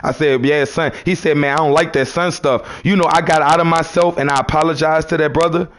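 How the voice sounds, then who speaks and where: A man with a New Orleans accent preaching on a live stream in a casual, repetitive way. His voice sits a little high for a man. He keeps calling his listeners son and brother. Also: steady tone, a little fast, a bit bright, a little hiss or hum.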